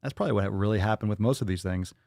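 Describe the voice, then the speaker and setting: A fitness podcast host with a lowish, creaky, slightly mellow voice talks very fast. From a small room at home he reads viewer comments in crude, casual chat, swearing, joking, and laughing. The audio is studio quality with no room sound.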